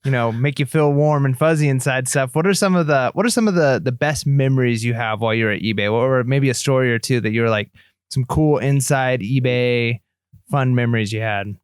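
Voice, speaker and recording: A man's voice: medium pitch, brisk, smooth, dry recording, studio quality. A man hosting a podcast, asking casual, enthusiastic questions with plenty of fillers. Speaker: podcast host. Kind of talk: casual interview.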